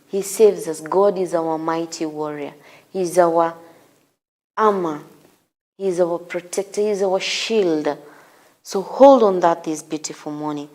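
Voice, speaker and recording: A woman hosting a morning devotional, preaching slowly with repeated, encouraging exhortations. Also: lowish voice, a little mellow. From Kenya. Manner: slow, repetitive, encouraging exhortation. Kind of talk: sermon.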